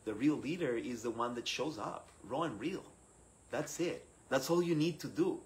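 A man from Rica, telling a personal story in an animated way, laughing and acting out what others said. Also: medium pitch, normal speed, poor audio. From Costa Rica. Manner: animated, acts out quoted voices, laughs often. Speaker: speaker sharing his personal story.

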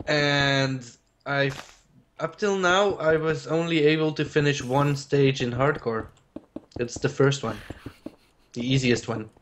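A man chats casually during a game stream, trading jokes and laughing often. He talks at an unhurried pace, with a faint noise floor under his voice. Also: mid-range voice. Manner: joking, laughs often, sings silly bits. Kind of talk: casual chat while gaming.

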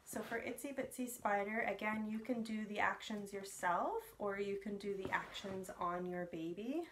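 A young woman leading parents through nursery rhymes and songs for babies, gentle and encouraging. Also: mid-range voice, fairly even intonation, normal speed, hardly any pauses, slight background noise. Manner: gentle, encouraging, sing-song. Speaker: early years program facilitator.

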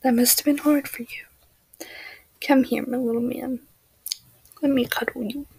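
A woman voicing a gentle, caring young male boyfriend in a soft, reassuring whispered role-play. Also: on the high side, steady tone, moderate pace, gravelly, slightly rough, no echo, exaggerated voice. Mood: tender.

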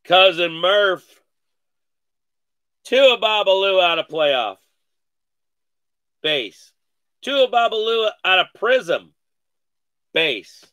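A man hosting a live sports card break, calling out each card with excited slang and cursing. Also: high voice, smooth, no room sound. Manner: excited, calls out cards rapidly with slang and cursing.

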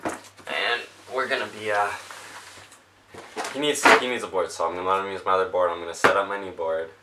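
A man's voice: deep voice, fairly quick, far from the mic, heavy background noise. A man vlogging casually while he bathes his dog, coaxing and scolding it and joking in between. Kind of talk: casual vlog chatter. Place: bathroom, at the tub. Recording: echoey bathroom, off-mic, loud music behind.

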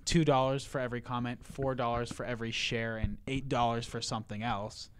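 A man's voice: medium pitch, steady tone, smooth. A man co-hosting a casual podcast, ranting in a sarcastic, profane way. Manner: profane, sarcastic, quick rants. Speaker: co-host.

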